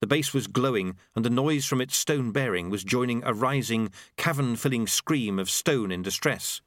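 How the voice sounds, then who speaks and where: A man reading a novel aloud in measured, expressive scripted narration. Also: mid-range voice, no echo, studio quality. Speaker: audiobook narrator.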